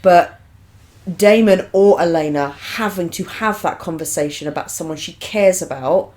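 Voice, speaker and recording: A woman with a somewhat low voice, chatting about a TV episode with friends. She is frank and blunt, and swears without a second thought. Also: normal speed, darkish tone. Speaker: reaction show co-host. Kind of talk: casual chat reacting to a TV episode.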